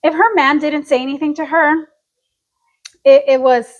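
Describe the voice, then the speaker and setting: A woman's voice: high voice, normal speed, highs cut off. A woman, chatting casually as a podcast co-host and acting out the quotes in her stories. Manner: animated storyteller, acts out quotes, laughs often. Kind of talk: casual chat.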